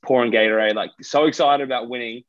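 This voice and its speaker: Talking fast in a mid-range, fairly even voice, a young podcast co-host with an Australian accent rambles through casual chat, full of fillers and false starts. The recording is dry, dull, and lo-fi.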